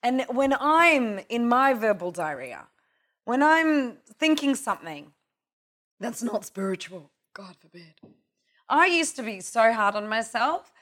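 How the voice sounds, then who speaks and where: A middle-aged woman teaching tantra in a casual, profane, animated way, acting out little voices as she talks. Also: on the high side, measured pace. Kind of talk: casual spiritual talk.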